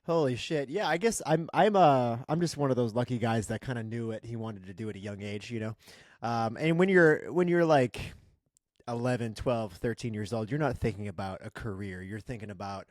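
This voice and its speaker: A man's voice: mid-range voice, a little fast, no room sound, clean studio sound. A man from Boston, a videographer, talking as a podcast guest in a candid, joking way and swearing freely. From Boston, United States. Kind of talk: casual podcast interview.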